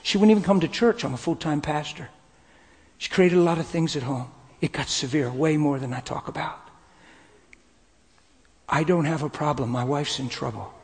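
Male pastor, sermon, husky, fairly high voice, long hall echo. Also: moderate pace, long pauses. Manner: emotional, swings from hushed to shouting. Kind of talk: sermon storytelling.

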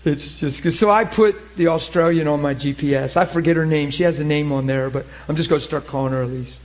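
A man preaching a sermon in an animated storytelling way, laughing through funny asides. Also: fairly high pitch, fast talker, highs cut off. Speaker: pastor.

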